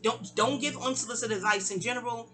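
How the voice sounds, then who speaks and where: A middle-aged woman telling a long, rambling personal story and acting out the people in it. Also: a little fast. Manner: animated, digressive, acts out quoted voices with sharp pitch jumps.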